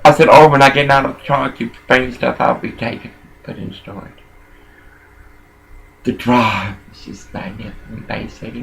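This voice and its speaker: An older man in a rambling personal monologue, jumping between thoughts and swinging from muttering to loud outbursts. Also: medium pitch, fairly even intonation, moderate pace, gravelly, rough recording.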